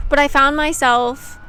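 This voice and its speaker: Young woman vlogging to camera, high voice, loose and rambly, swears a bit. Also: fairly bright tone, slight background noise. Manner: rambling and candid, heavy use of "like", casual swearing. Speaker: YouTube creator. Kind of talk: reflective casual monologue to camera.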